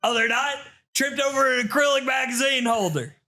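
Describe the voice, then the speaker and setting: Man, podcast co-host, casual chat, jokey, high voice. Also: sharp tone, raised voice. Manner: jokey, quick to laugh.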